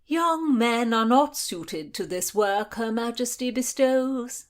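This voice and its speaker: A woman's voice: on the high side, lively intonation, takes it slowly, voice pushed up. A woman voicing a sentimental older knight who gushes and laments in a storybook reading. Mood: gushing. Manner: gushing, lamenting.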